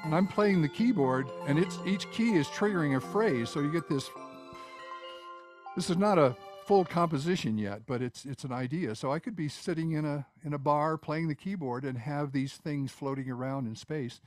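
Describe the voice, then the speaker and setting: An older man, a composer, explaining his work and answering questions in a halting, rambling way with many restarts, over a video call. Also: on the high side, a little mellow, soft background music. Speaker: guest speaker, composer. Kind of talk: casual presentation and Q&A.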